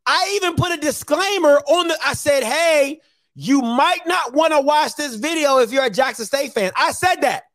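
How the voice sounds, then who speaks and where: A man hosts a sports call-in show with a strikingly high-pitched voice. He argues bluntly and hammers his points by saying them over and over. His voice sounds dry and close to the mic. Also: lively intonation, moderate pace, fairly bright tone, no room sound. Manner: blunt, repeats himself for emphasis. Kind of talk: argumentative sports call-in talk.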